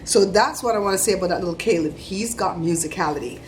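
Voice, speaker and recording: Chatty woman vlogger, low voice. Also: fast talker, slight background noise. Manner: chatty, animated storytelling with laughs. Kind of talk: casual shout-outs to viewers.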